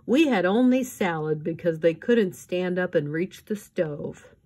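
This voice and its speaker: A woman's voice: fairly low pitch, unhurried, darkish tone, voice pushed up. A woman voicing a tired, bookish teenage boy in a storybook reading. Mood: weary.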